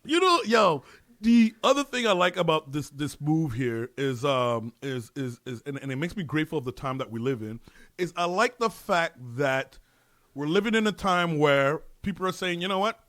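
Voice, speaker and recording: Podcast co-host, man, emphatic, swings his pitch widely, higher voice. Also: moderate pace. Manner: lively, emphatic, swears, acts out quotes. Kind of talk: casual podcast chat.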